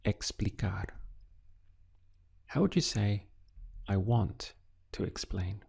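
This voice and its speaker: A man teaching a recorded language lesson, asking slow, deliberate questions and pausing for the learner to answer. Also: on the low side, big pitch swings, gravelly, a little mellow, breathy edge. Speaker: Spanish teacher.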